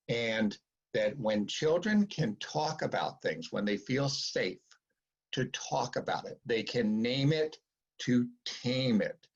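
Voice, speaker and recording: Husky man coaching parents, lo-fi sound. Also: mid-range voice. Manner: animated, coaching, acts out parent and child quotes. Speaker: psychologist giving a parent talk. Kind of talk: informal lecture to parents. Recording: dull lo-fi sound.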